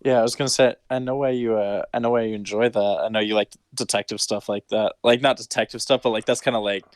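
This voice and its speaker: Smooth-voiced podcast co-host. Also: male voice, on the low side, steady tone, quick pace, no room sound. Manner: listening and reacting with short interjections. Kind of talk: casual chat.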